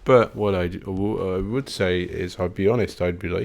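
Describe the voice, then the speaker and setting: A man with a deep, low voice hosts a casual solo podcast. He rambles and swears, cutting himself off mid-word and chuckling between thoughts. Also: fairly even intonation, moderate pace, creaky, darkish tone. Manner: rambling, sweary, self-interrupting, laughs often. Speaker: podcast host.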